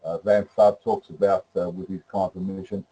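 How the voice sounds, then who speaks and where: A man presenting a webinar that walks through trading software, rambling with many fillers and restarts. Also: sits low, level tone, moderate pace, slightly rough, dull audio. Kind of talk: live webinar demonstration.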